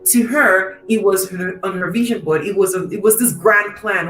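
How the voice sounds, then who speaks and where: A woman speaking as a podcast guest and mindset coach, telling a story in an animated, emphatic way and repeating her key phrases. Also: medium pitch, moderate pace. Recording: echoey distant mic with faint music.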